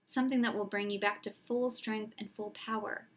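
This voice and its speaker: A woman voicing a solemn young male centaur who speaks in a measured, earnest way. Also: mid-range voice, steady tone, close to an everyday voice. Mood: grave.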